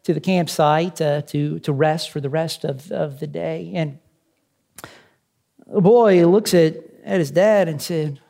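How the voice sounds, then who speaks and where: A man preaching, telling a story as a sermon illustration, halting often with restarts and fillers. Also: a little high, creaky, warm tone.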